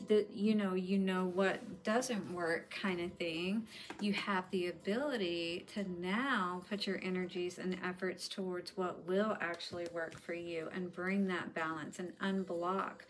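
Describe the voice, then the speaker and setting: A woman's voice: mid-range voice, slight background noise. Chatty woman giving a tarot reading. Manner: chatty, reassuring, full of fillers like "you know". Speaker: tarot reader.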